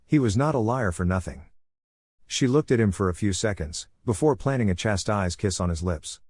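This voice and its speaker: Man, story narrator, low voice, dry close sound, steady reading. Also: moderate pace, breathy edge, no echo. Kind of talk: fan fiction reading.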